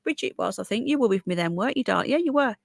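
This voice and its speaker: A livestream host with a sore throat chats casually and opinionatedly, reading out viewer comments and rambling with restarts. Her voice is on the high side, expressive, very fast and gravelly. The recording is dry.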